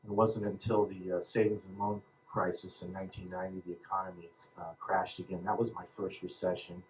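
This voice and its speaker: A low-voiced man in his fifties from Southern California gives a plain personal account, stopping often with ums and restarts. A faint hum of room noise sits behind him. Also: level tone, low-quality recording. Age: 50s. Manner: halting, with many ums and restarts. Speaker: panel speaker.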